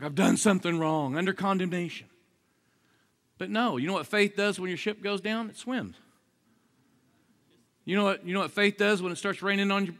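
A man preaching an energetic sermon, joking with the crowd and swinging between low asides and shouted exclamations. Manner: jokey, asks the crowd for responses.

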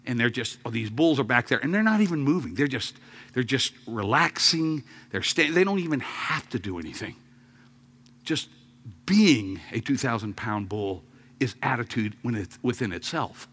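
A man preaching a sermon to his congregation, telling a story with jokes, dropping to quiet murmurs and then rising to loud outbursts. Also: mid-range voice, very animated, normal speed, slightly rough. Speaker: pastor. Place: church sanctuary.

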